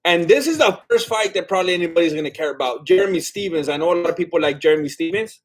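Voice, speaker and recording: A man with a slightly high-pitched voice hosts a casual live stream. He chats loosely with his viewers and reads their comments aloud. He laughs often and drifts a bit while eating. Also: expressive, very fast. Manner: chatty and scattered, laughing often. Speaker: livestream host. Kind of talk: casual live watch-along chat reading viewer comments.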